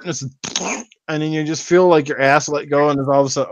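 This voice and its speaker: A man's voice: a little high, steady tone, quick pace, no room sound, dull audio. A man hosting a podcast, telling crude stories with lots of swearing and laughter. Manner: profane, laughing, storytelling. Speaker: podcast host. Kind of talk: crude casual podcast chat.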